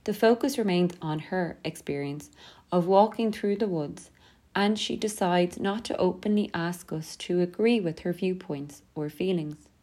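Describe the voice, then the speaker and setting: A woman reading a scripted poetry lesson in a steady, measured way. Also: fairly low pitch. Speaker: teacher.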